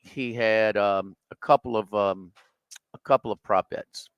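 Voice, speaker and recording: A man's voice: on the low side, fairly even intonation, unhurried, smooth, no echo, muffled recording. A man co-hosting a live sports radio show, chatting casually and rambling with lots of fillers and restarts. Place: restaurant, live remote broadcast.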